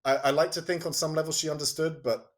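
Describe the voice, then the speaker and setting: A man's voice: fairly high pitch, steady tone. Man telling a parenting story casually. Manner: storytelling, acting out quoted speech; halting, restarts sentences. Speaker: podcast guest. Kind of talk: casual conversation.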